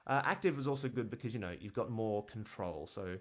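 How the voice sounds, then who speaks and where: A man teaching bass in a casual livestream, rambling with lots of fillers as he answers questions. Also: a little fast. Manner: relaxed, rambling, many fillers, counts and scats rhythms aloud. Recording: bass guitar playing behind.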